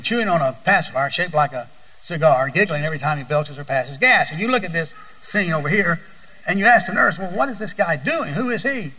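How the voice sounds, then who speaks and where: A man's voice: a little high, bright, forceful tone, far from the mic, low-quality recording. An older man preaching a sermon as a pastor, telling folksy stories and often repeating his words.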